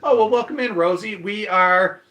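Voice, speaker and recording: A man's voice: high-pitched, moderate pace, pushed and bright. A man from Michigan hosting a casual livestream, chatting and welcoming viewers by name. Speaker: livestream host. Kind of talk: casual livestream chat, reading viewer comments.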